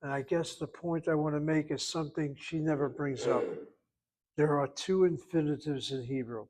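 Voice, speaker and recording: A man's voice: on the high side, fairly even intonation, moderate pace, a little mellow, slight background noise. A man teaching a Hebrew grammar lesson, patiently explaining verb forms and careful pronunciation.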